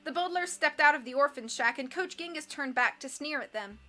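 A woman reading a storybook aloud, expressive and animated, acting out each character. Her voice sits high and sounds bright and sharp. Faint music plays underneath. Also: brisk. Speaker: reader.

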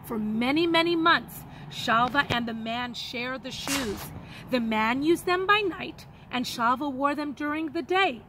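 A woman teacher reading a children's story aloud in an expressive, dramatic way. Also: a little high, slight background noise, poor audio.

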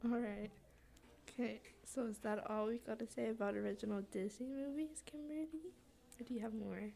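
A woman's voice: on the high side, vocal fry, warm tone, a little hiss or hum. A teenage girl chatting with friends, keeping the talk moving from topic to topic. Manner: brisk, moves the talk along. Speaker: podcast co-host. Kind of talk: casual chat.

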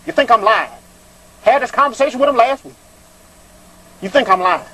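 A man's voice: very high voice, lively intonation, fairly quick, long pauses, very noisy. A man hosting a call-in show, ranting preachily at callers and crooning flirtatiously at others. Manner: preachy, rambling, hollering rants. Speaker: call-in show host giving readings.

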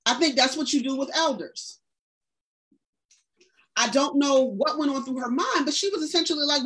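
A woman in her forties, an author and educator, tells stories casually during a book discussion at a moderate pace with frequent pauses. Her phrasing is loose and vernacular, and she acts out the lines of people she quotes with lively jumps in pitch.

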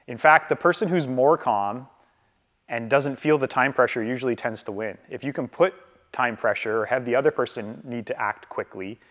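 A Canadian man with a medium-pitched voice runs a live real estate training over a video call, set in a large hall. He keeps it conversational, repeatedly asks "right?", and deliberately slows down to model calm.

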